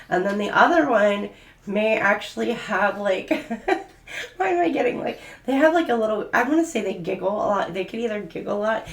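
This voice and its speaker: A woman's voice: fairly high pitch, animated, moderate pace, vocal fry, roomy sound. Giggly woman gushing through a tarot reading. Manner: giggly and gushing, many fillers. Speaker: tarot reader. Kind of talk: casual spoken tarot reading.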